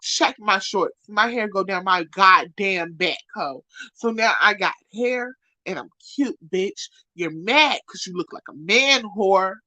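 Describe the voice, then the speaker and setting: A woman speaking, ranting profanely and trading insults on a live stream, loud one moment and muttering the next. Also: mid-range voice, lively intonation, a little slow, dry recording, poor audio. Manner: profane, insulting, repetitive, swings from shouting to muttering. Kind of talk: angry rant to a live stream.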